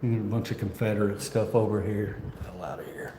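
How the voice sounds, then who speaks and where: A rambling, joking man talks to his viewers on a handheld phone. His voice is mellow and low-key, and it bounces around echoey rooms over a faint hum of ambience. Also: fairly even intonation, brisk. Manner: chatty, joking, rambling, laughs often. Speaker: vlogger. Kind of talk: casual vlog walkthrough. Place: indoor museum halls.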